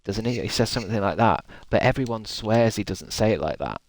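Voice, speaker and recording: A man's voice: lowish voice, lively intonation, a little fast, no room sound. A man chatting casually while streaming a game, swearing freely and laughing often. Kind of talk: casual gaming stream chat.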